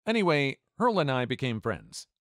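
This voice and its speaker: A man doing scripted story narration in an animated way, acting out the dialogue. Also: mid-range voice, moderate pace, dry recording, studio quality.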